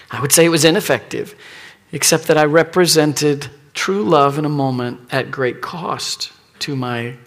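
A middle-aged man preaching as pastor recounts a personal story, at times lowering to hushed, near-whispered asides. His gravelly voice sits on the high side and carries a breathy edge.

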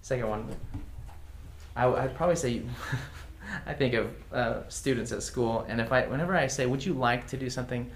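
A man's voice: medium pitch, moderate pace. A man teaching a casual class, reading example phrases aloud and chuckling often. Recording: echoey room with faint noise.

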